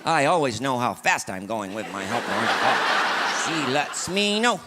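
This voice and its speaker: Stand-up man with loud laughing crowd. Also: mid-range voice, big pitch swings, unhurried, long reverb tail, very noisy. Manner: acts out both sides of married banter, switching voices. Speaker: stand-up comedian. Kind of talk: stand-up comedy routine. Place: comedy club stage.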